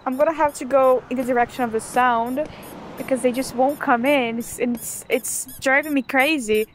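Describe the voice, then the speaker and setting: A woman's voice: high-pitched, steady tone, moderate pace. A woman chatting nervously to herself as she plays a spooky video game, commenting on each door and noise. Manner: chatty, jumpy, talks to herself. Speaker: gamer. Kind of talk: let's play commentary.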